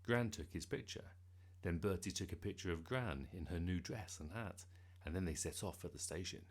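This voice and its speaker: A man reading a children's storybook aloud, lively and expressive. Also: low voice, normal speed. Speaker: narrator.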